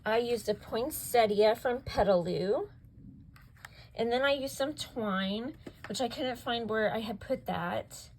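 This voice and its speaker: A craft channel host with a fairly high, darkish voice talks slowly through her projects in a low-quality recording with slight background noise. Step by step, she gushes about how each one turned out, asking again and again if it's cute.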